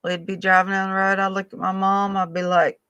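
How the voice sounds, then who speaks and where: A woman's voice: mid-range voice, little pitch movement, fairly quick, a bit bright, clean tone, dry recording, highs cut off. A woman telling folksy, humorous stories from her past in a casual way. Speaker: storyteller vlogger. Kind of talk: casual storytelling.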